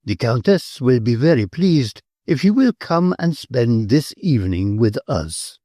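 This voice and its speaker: A man's voice: mid-range voice, very animated, measured pace, warm tone, no echo, clean studio sound. A man voicing an elegant count who speaks with formal, courteous phrasing. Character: elegant aristocratic count, polite but nervous uncle.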